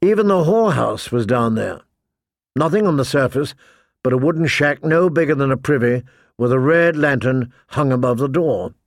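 A man narrating a fantasy audiobook in a measured, deliberate storytelling manner on a close studio mic. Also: mid-range voice, animated, dry recording.

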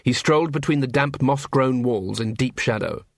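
A man narrating a story in a wry, expressive reading. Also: medium pitch, moderate pace, creaky, no room sound, clean studio sound. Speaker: audiobook narrator. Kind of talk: scripted narration.

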